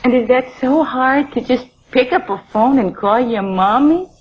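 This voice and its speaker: A woman's voice: sits high, animated, moderate pace. A woman playing a nagging, doting mother. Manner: wheedling and guilt-laying. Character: doting, nagging, guilt-tripping middle-aged mother. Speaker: comedy performer. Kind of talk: comedy sketch dialogue. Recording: dull old comedy record with audience laughter.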